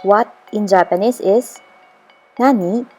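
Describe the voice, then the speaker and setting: A woman teaching a beginner's lesson at an unhurried, patient pace, spelling out each pattern with clear enunciation. She slips in the odd Tagalog phrase as she goes. Soft music plays faintly beneath her voice. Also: mid-range voice. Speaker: language teacher. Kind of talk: slow explanatory lesson.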